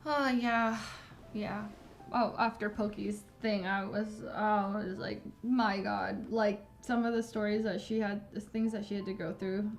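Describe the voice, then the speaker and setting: A woman's voice: mid-range voice, steady tone, unhurried, faint music behind. A young woman, a streamer host, speaking sympathetically and a little hesitantly in casual chat.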